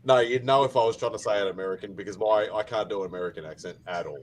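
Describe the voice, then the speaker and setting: Laid-back Australian man, low voice. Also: very fast, slight background noise, rough recording. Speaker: panel guest. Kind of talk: casual online panel chat.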